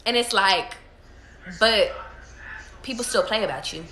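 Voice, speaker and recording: Emphatic, bright-voiced woman reading tarot. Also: medium pitch, a little slow, reverberant. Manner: emphatic, profane, repetitive, restarts. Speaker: tarot reader. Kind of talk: casual tarot reading addressed to viewers.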